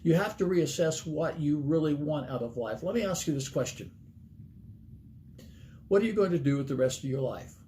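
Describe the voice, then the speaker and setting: A man's voice: a little high, expressive, normal speed, long pauses, dark tone, a little hiss or hum. A middle-aged man preaching a sermon as a pastor, earnest and plain-spoken, laying out numbered points and folksy stories.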